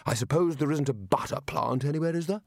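Brief: man doing a wry, finicky elderly wizard, unhurried. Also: fairly high pitch, creaky, no room sound, clean studio sound. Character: fussy older male wizard professor.

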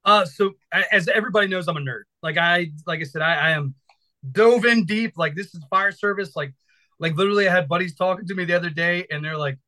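A talkative man in his thirties from Virginia tells his story with loose, rambling energy and casual swearing. His voice sits high and sounds bright and forward. He talks like a firefighter instructor chatting on a podcast. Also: fast talker, rough recording.

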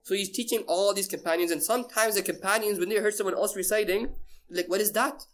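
Fast-talking, high-voiced man teaching a class. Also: fairly even intonation. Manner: quizzes listeners, repeats phrases for emphasis. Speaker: Islamic teacher. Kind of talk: casual classroom lesson.

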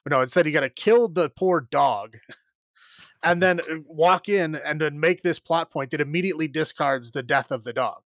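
Exasperated chatty man, fairly high voice. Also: normal speed, fairly bright tone, no room sound. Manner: rambling, exasperated, many fillers and restarts. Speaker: podcast co-host. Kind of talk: casual film review chat.

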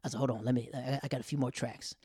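A young man casually telling a personal story, acting out quoted lines with sudden loud high bursts and dropping to near whispers for embarrassed asides. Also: fairly even intonation, racing, slightly rough, no echo, clean studio sound.

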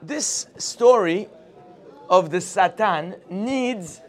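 Speaking extremely slowly in a high-pitched, animated voice, a religious teacher gives a morning Torah class, narrating the story expressively and blending Hebrew quotations with English.

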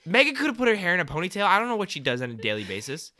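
A man's voice: sits high, huge pitch swings, racing, sharp tone, no room sound, studio quality. A young man hosting a podcast in casual banter. He jokes, swears freely and playfully defends himself. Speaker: podcast host.

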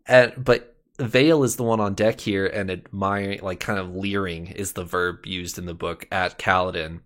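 Deep-voiced man recapping a book. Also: fairly even intonation, normal speed, a bit bright. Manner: explanatory, recaps plot in detail. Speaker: podcast co-host. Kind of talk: casual book discussion.

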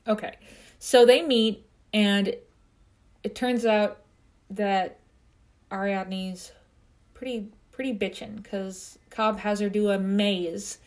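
A woman's voice: medium pitch, steady tone, takes it slowly, pauses often. A woman with a Midwestern accent co-hosting a movie review podcast, chatty and joking as she recaps the plot. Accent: Midwestern American. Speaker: podcast co-host. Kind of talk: casual movie review chat.

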